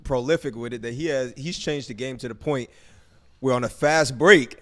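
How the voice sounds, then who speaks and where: A man's voice: medium pitch, moderate pace, a bit bright. A man arguing on a sports debate panel, emphatic, in casual slang.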